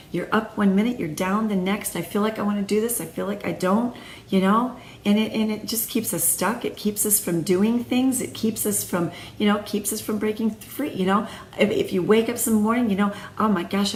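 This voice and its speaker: Woman, devotional video host, chatty, rambling with fillers, roomy echo, mid pitch. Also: a little hiss or hum. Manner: rambling, many fillers and restarts. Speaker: host of faith-based video series. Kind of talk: casual spoken devotional talk. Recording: echoey room, faint ambience.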